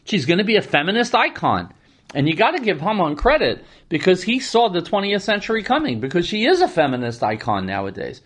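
A man giving a lecture on scripture, reading and chanting Hebrew verses in between, with a lively and wry way of talking. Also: high-pitched, fairly quick. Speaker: Torah teacher.

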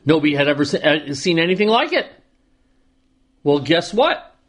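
A man's voice: fairly high pitch, big pitch swings, normal speed. A man teaching a verse-by-verse scripture lesson, reading Hebrew lines aloud and then translating and explaining them with wry asides. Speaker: Torah teacher.

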